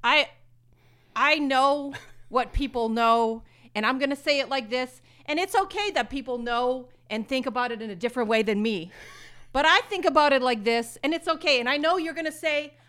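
Speaking at a normal speed in a high-pitched, fairly bright voice, a woman comically imitates a brash male host of a poker show. He rambles and circles, repeating himself without getting anywhere, swearing, coughing, clearing his throat and plugging himself.

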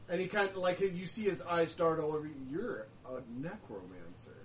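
A man running a tabletop role-playing game, narrating casually with halting fillers. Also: on the high side, expressive, reverberant. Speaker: game master.

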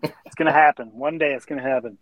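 A man co-hosting a casual podcast, recounting a story in a relaxed way and laughing easily. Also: a little high, quick pace, no room sound, poor audio. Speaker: podcast co-host.

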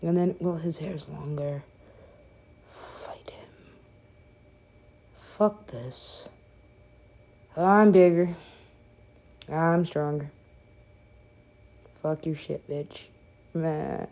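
A woman's voice: deep voice, steady tone, extremely slow, gravelly, long pauses, a little mellow. A woman giving casual gameplay commentary, rambling and joking with frequent swearing. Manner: profane, rambling, joking asides.

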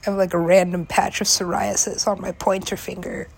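A woman's voice: mid-range voice, level tone, brisk, husky. A young woman in a casual, rambling personal monologue, full of "like" fillers and swearing, sometimes dropping to a whisper. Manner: casual, lots of "like" fillers, swears, laughs often; drops into whispers at times. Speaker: vlogger.

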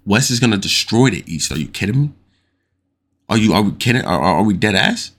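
This solo podcast host talks fast in a lowish, expressive, slightly bright voice. Loose and heavy on slang, he repeats himself, grows heated defending his views, and keeps checking "you know what I'm saying."

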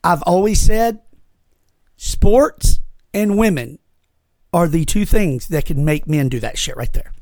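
A podcast co-host spins a lively yarn in relaxed banter, swearing a lot as he goes. His voice runs a bit high, and he takes his time with frequent pauses, recorded with no echo.

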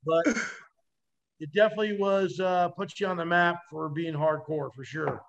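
A man guesting on a podcast, telling animated stories with vivid, salty language and acting out the voices of others. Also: fairly high pitch, normal speed, gravelly, lo-fi sound, slight background noise. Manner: vivid, acts out quoted voices, swears freely. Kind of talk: animated storytelling.

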